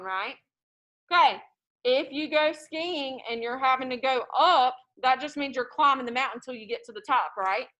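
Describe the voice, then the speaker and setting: A woman teaching a math class in a classroom, lively and joking as she tells stories to her students. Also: high voice.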